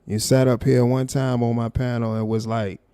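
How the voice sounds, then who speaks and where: A man's voice: medium pitch, little pitch movement, normal speed, mellow, smooth, dry recording. A man hosting a live stream, confrontational and profane, calling someone out in a heated rant.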